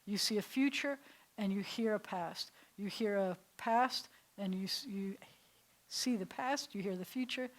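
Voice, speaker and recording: A woman rabbi leads a Hebrew class in a mid-pitched voice. She explains with clear enthusiasm and turns to hushed, breathy whispers when she wants a point to land. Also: a little slow, rough recording. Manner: enthusiastic, drops to soft breathy whispers on key phrases. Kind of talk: classroom lesson. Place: synagogue classroom.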